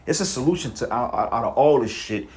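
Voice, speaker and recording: A man's voice: mid-range voice, lively intonation, fast talker, slight background noise. A man reading news stories aloud and commenting between them in a rambling, profane, streetwise way, often repeating and restarting his words.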